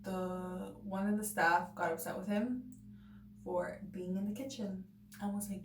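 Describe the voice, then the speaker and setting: A young woman tells a personal story in a loose, chatty vlog style, padding her sentences with "like" and "you know" and slipping into the voices of the people she quotes. Her voice sits at an ordinary pitch for a woman. The recording sounds roomy and a little distant from the mic, with a faint noise underneath. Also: steady tone, unhurried. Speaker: vlogger. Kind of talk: casual storytelling to camera.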